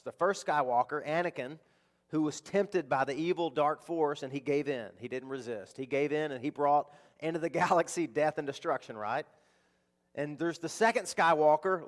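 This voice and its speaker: A man's voice: on the high side, long reverb tail. A male pastor preaching a conversational sermon, asking the congregation rhetorical questions.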